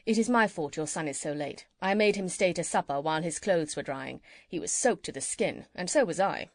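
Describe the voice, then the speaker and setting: A woman reading an audiobook and voicing a kind, curious male doctor with polite, gentle questions. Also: fairly low pitch, fairly quick, no room sound, natural voice. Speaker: audiobook reader.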